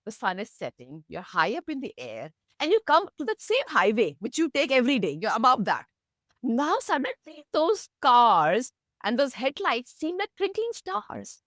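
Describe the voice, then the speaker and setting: A woman, a meditation teacher, explaining mindfulness through gentle stories in an interview. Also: no room sound, studio quality. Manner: gentle storytelling, lively pitch, laughs softly.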